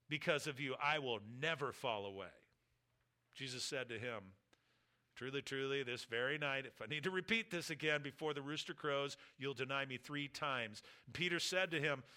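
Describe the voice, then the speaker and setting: Bright-voiced man preaching a sermon. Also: mid-range voice, moderate pace. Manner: reads scripture aloud and acts out the speakers' words. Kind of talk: expository sermon.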